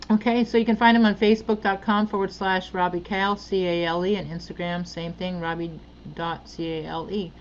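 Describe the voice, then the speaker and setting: A woman hosting an event, introducing a speaker and reading out his bio with pauses and fillers. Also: on the low side, little pitch movement, muffled recording, slight background noise. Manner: halting, reads out bio with fillers. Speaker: event host.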